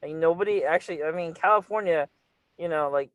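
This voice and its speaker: A man runs a loose, flirty interview, teasing his guest and breaking into laughter. His voice sits high for a man. The sound is close and dry. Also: brisk, dry recording, poor audio. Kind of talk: casual flirty chat. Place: California.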